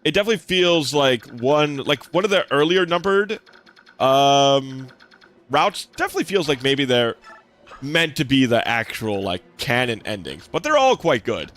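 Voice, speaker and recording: A man's voice: mid-range voice, big pitch swings, moderate pace, fairly bright tone. Chatty young man streaming a game. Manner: rambling, chatty, lots of fillers and restarts. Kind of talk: casual gameplay commentary. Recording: faint game music behind.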